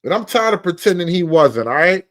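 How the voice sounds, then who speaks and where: High-voiced man doing crude mocking commentary. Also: sing-song, fairly bright tone. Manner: mocking, profane, drags out names slowly. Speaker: commentary show host.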